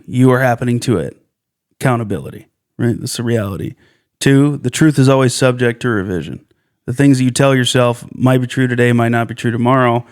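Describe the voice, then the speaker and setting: A man's voice: medium pitch, smooth. A man co-hosting a podcast, telling reflective stories in casual chat. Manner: reflective, storytelling, quotes others in animated voices. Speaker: podcast co-host.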